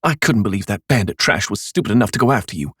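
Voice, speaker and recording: A man's voice: lowish voice, expressive, quick pace, a bit bright, husky, no room sound, clean studio sound. A man reading an audiobook, voicing a cold, bitter, scheming middle-aged mother who talks sullenly and sarcastically. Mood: resentful. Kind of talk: audiobook character voice.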